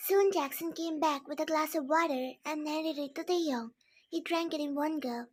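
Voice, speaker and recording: A woman's voice: high-pitched, normal speed. A woman narrating a first-person fan fiction story in an earnest, simple way.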